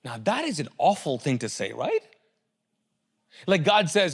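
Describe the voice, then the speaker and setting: A middle-aged man preaching a sermon with a high voice that swoops up and down all the time. He puts on the voices of the people in the story and keeps asking his listeners to answer. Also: a little slow, long pauses, breathy edge. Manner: animated, acts out quoted voices, asks the congregation questions. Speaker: pastor.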